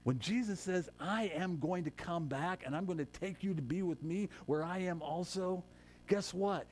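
Swinging between loud proclamations and soft, chatty asides, a pastor preaches with quick self-corrections. His voice sits high, and the recording carries a little hiss or hum.

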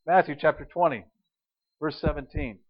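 A man preaching an Easter sermon as pastor, animated and storytelling, acting out scenes and quotes. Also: a little high, moderate pace, highs cut off.

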